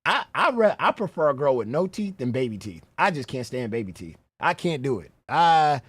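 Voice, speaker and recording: A man reacting to clips on a stream in casual commentary, animated and talking straight to the viewer, often saying "bro". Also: medium pitch, moderate pace, breathy edge, no echo.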